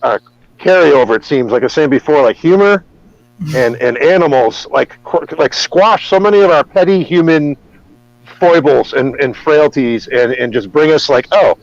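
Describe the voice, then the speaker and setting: A man's voice: a little high, normal speed, dry recording. A man hosting a podcast who tells a personal story in rambling casual talk, full of restarts and swearing. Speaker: podcast host. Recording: dull, lo-fi podcast audio.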